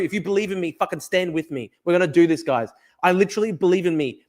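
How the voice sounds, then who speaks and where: A man's voice: high voice, quick pace, darkish tone. A young man hosting a livestream from his desk, talking in a fired-up, profane, rambling way as he reads chat. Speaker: livestream host. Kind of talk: casual livestream talk reading chat. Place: at a desk at home. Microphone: desk camera mic.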